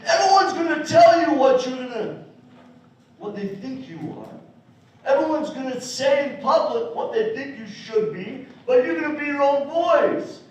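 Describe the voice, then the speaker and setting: A man's voice: very high voice, expressive, normal speed, a little mellow, voice pushed up. A man voicing his mother as a firm, encouraging woman who gives commands. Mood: urging. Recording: echoey hall, mic from far off.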